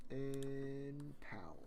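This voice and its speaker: A man's voice: medium pitch, warm tone, slight background noise. Rambling joking male streamer. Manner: rambling, joking, corrects himself mid-sentence. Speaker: live streamer. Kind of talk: casual live-stream chat.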